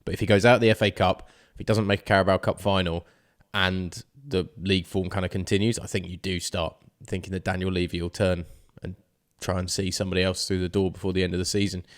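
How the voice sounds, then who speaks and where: A man's voice: low voice, flat delivery, fast. A man co-hosting a casual sports podcast, arguing his points heatedly. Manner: heated, argumentative. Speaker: podcast co-host.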